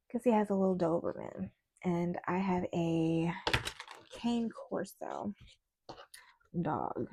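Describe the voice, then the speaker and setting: A woman tarot reader chatting in a casual vlog, telling a story in an animated way with many asides. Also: on the low side, takes it slowly, pauses often, dry recording.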